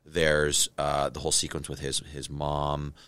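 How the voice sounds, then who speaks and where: A man from Canada, a film director being interviewed, telling stories in a lively way and acting out what people said. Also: extremely low pitch, a little slow, clean tone, dry recording. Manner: animated storyteller, acts out quotes. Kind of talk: casual interview chat.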